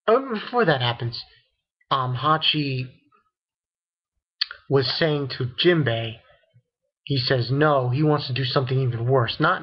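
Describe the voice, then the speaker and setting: A man's voice: medium pitch, slightly rough. A man giving a casual, rambling episode recap, full of fillers and repeats, who sometimes acts out characters' lines. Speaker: anime reviewer. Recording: dull lo-fi home recording.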